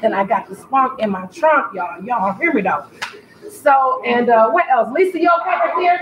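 A woman's voice: fairly high pitch, expressive, normal speed, muffled recording, a crowd in the background. A woman hairstylist chatting on a live stream from her salon, exuberant and playful, calling viewers honey and baby. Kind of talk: lively live-stream chat. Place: hair salon, indoors. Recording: echoey salon room with background noise.

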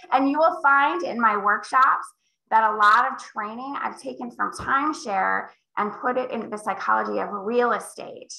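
A woman's voice: fairly high pitch, a little slow, gravelly, echoey room, low-quality recording. A woman in her forties coaching real estate agents in a live online session, acting out little scenes as she teaches. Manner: animated storytelling, acting out dialogue in shifting voices. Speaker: real estate sales trainer.

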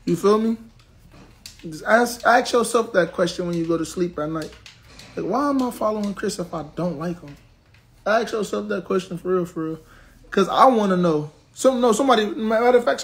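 On his live stream, a social media personality in his twenties rants bluntly at commenters, swearing at them. His voice is high and gravelly as he vents.

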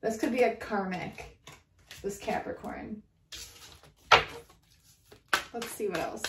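A woman's voice: mid-range voice, moderate pace, vocal fry, heavy background noise. A woman giving a casual tarot reading, giggling often and swearing freely. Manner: giggly, profane, frequently laughing. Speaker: tarot card reader. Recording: echoey room, far from mic.

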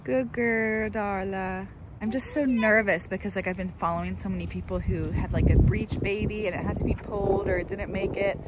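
A woman's voice: mid-range voice, fairly even intonation, normal speed. Nervous woman filming on a noisy farm. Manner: nervous, coaxing the cow softly. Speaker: farm vlogger. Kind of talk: casual commentary while filming. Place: outdoors on a farm. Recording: loud outdoor farm noise.

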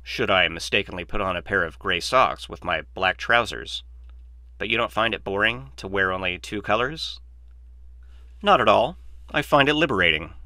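A man's voice: lowish voice, expressive, moderate pace, bright, forceful tone, dry recording, exaggerated voice. A man voicing a glib, opinionated male mathematician in a dry, lecturing, sardonic manner, read as an audiobook. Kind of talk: audiobook reading.

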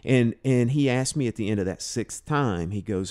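A man, a guest on a podcast, telling a personal story in a casual, animated way and filling it with "you know". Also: lowish voice, fairly quick, hardly any pauses. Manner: animated storyteller, acts out quoted dialogue, many "you know"s. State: emotional, choked up. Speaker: podcast guest, drum teacher.

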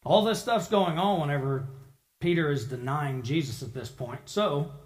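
Male preacher, slightly high voice, animated storyteller who voices the people in his story. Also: moderate pace. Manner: lively storytelling, acting out the people in it. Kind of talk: sermon.

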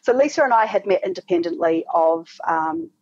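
Husky woman, chatty and rambling. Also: fairly low pitch, lively intonation, normal speed, darkish tone, dry recording. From Australia. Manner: rambling with many ums and restarts. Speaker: fan group admin. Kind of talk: casual storytelling. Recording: dry, dull lo-fi sound.

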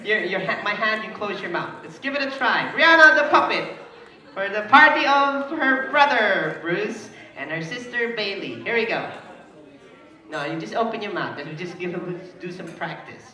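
A man's voice: sits high, lively intonation, normal speed, pushed and bright. A man working as a party entertainer, teasing a child volunteer with playful banter. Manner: playful, teasing, laughs often. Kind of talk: party emcee with audience banter. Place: indoor party venue. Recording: echoey party hall, distant mic, crowd.

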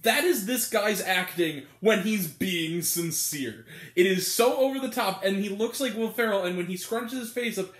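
A man's voice: high-pitched, normal speed, hardly any pauses, fairly bright tone. A man giving a casual, rambling movie review, stumbling over names and laughing at himself. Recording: roomy echo.

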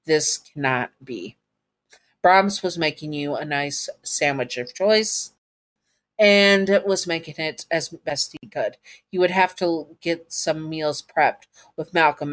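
A woman narrating a second-person audio story to the listener, with casual asides. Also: low-pitched.

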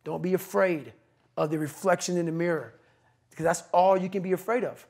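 Fierce, profane man with a high voice. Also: steady tone, a little fast. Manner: blunt, profane, forceful, preachy. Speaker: podcast guest. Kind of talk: intense motivational talk.

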